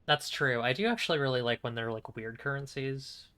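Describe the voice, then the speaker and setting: Young male streamer, bright tone, loose casual chat, halting and chuckly. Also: medium pitch, smooth. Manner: rambling, hesitant, lots of fillers and restarts, chuckling. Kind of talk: casual chat while playing a game.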